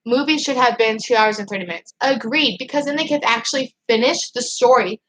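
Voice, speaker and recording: A woman hosting a casual livestream, reading out chat comments and ranting in an excitable, frustrated way with lots of "like" and restarts. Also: a little high, brisk, a little hiss or hum, poor audio. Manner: excitable and frustrated, heavy use of "like". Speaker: channel host reading live chat.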